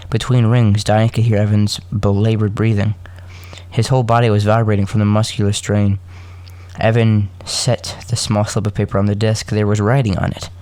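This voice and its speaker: Male podcast host reading a story, low voice, dry close sound, stumbles and self-corrects. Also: dark tone, no echo. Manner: halting, self-correcting, joking asides between coughs. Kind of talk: casual story reading with asides.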